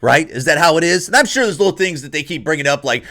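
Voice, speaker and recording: A man's voice: high voice, big pitch swings, fast, hardly any pauses, bright, forceful tone. A man from Ohio hosting an opinion podcast, ranting in a repetitive, combative monologue and mocking others. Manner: mocks others in put-on voices. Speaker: podcast host.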